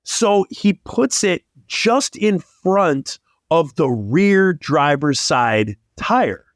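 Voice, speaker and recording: A man telling a long story in casual chat, animated and rambling. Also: on the high side, very slow, dry recording, clean studio sound. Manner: animated, rambling, lots of likes.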